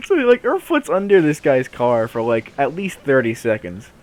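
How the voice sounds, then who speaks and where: Animated young man telling a story. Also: a little high, measured pace. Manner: animated, laughing, filler-heavy. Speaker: podcast co-host. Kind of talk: casual storytelling.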